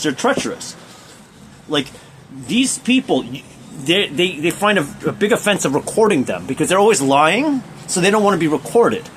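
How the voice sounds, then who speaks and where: A man talks in a long, emphatic monologue, full of restarts, fillers and repeated phrases. His voice sits somewhat high for a man. A faint hum of noise runs under the recording. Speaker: vlogger. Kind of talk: rambling monologue.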